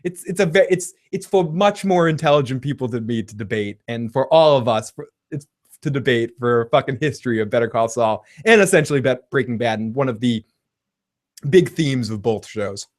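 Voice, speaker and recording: A man hosting a casual show that recaps a TV episode, excitable and profane, laughing often as he retells scenes and reads out viewer comments. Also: mid-range voice, moderate pace. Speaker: podcast host reviewing a TV episode.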